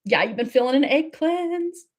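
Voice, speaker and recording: A woman's voice: high-pitched, lively intonation, normal speed. A woman giving a live tarot reading in a chatty, rambling way, laughing often. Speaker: tarot reader.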